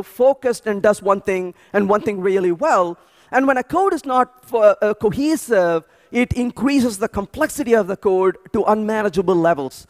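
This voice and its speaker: A man speaking at a programming conference, telling animated stories with frequent restarts and repeated words. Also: very high voice. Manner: animated storytelling with many restarts. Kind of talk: energetic tech conference talk. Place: large conference hall.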